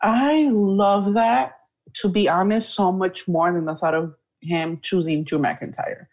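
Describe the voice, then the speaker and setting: A woman's voice: fairly low pitch, steady tone, moderate pace. Enthusiastic lady co-host, casual wrestling podcast chat, gushes a lot. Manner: gushing, enthusiastic wrestling fan.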